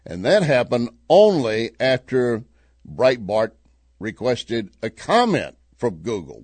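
A man's voice: medium pitch, slow, husky, dry recording. A middle-aged man hosting a talk radio show, commenting on news and telling a joke with chuckling asides. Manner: animated storyteller, chuckling asides.

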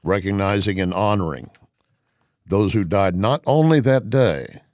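A middle-aged man hosting a talk radio show, speaking in an earnest, emphatic, measured way. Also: on the low side, animated, a little mellow, no room sound, studio quality.

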